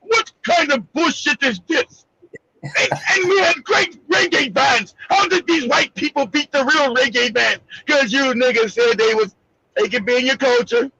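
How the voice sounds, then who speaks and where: A man giving brash, mocking casual commentary, loud and profane, laughing often and breaking into shouts. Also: very high-pitched, measured pace, gravelly, slight background noise. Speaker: co-host. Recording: slightly dull lo-fi sound.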